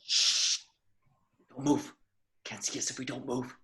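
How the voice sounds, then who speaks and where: A man plays a paleontologist barking tense, urgent orders as he shields a child. There is clear crowd noise behind the voice. It is a home table read. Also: sits high, fast talker, roomy sound, close to an everyday voice. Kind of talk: table read over video call.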